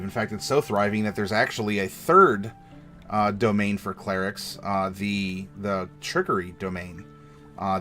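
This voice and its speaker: A man's voice: fairly low pitch, a bit bright. A man hosting a casual tabletop game worldbuilding chat, talking loosely with many fillers and restarts. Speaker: game master and show host.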